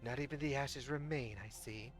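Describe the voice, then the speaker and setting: A streamer reading a game story aloud live and voicing a cruel, vengeful young woman who calls herself a witch, taunting slowly and theatrically. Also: mid-range voice, faint music behind, lightly acted. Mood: commanding. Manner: slow, taunting and theatrical, dropping to a menacing hush.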